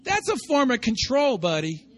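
A man preaching a sermon as pastor, talking to the congregation conversationally, asking for their responses and rising to shouts. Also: very high-pitched, wildly swooping pitch, moderate pace, a little hiss or hum.

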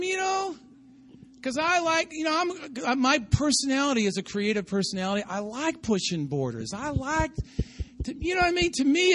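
A man preaching a sermon as pastor, talking to the congregation conversationally, asking for their responses and rising to shouts. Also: very high-pitched, slight background noise.

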